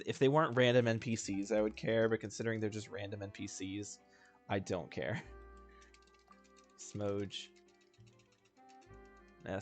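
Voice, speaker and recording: A man casually chatting and rambling while playing a game, laughing often and joking about himself. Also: fairly low pitch. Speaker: gaming video host. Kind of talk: casual let's-play commentary. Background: faint game music.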